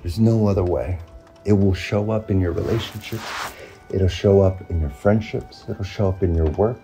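Faint music sits beneath this man's deep, dark voice as he gives a reflective motivational talk for his vlog. His delivery is sincere and drawn-out, circling back over the same points with frequent pauses.

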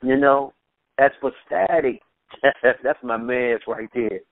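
A man's voice: medium pitch, creaky, dry recording. A man as an interview guest, telling stories in a laid-back way, laughing now and then. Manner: laid-back storytelling, quick laughs, mimics voices in anecdotes. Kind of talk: casual recollection over a phone interview. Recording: tinny phone line, dry.

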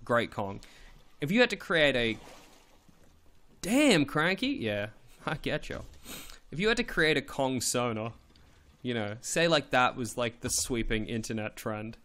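A man streaming a game live, chatting casually and playfully with his chat, swearing now and then and swooping up in pitch when excited.

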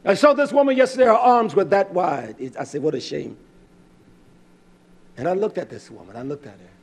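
A man preaching a fiery, scolding sermon that swings from loud outbursts to quiet asides. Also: high voice, big pitch swings, fast.

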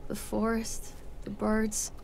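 A woman's voice: medium pitch, monotone, slow pace, gravelly. A wistful grieving mother. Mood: sad. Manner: wistful, melancholy. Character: grieving mother searching for her son. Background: music.

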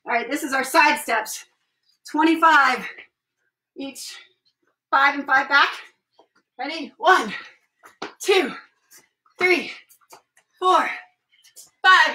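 A woman's voice: high-pitched, bright, forceful tone. A woman, a mother, cheerfully leading a family home workout, counting reps and giving encouraging instructions. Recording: echoey room, voice from far off the mic.

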